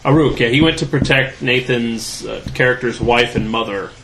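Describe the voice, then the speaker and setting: Man, podcast co-host, relaxed and joking, lots of fillers, faint hiss. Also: medium pitch, moderate pace, reverberant. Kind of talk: casual chat.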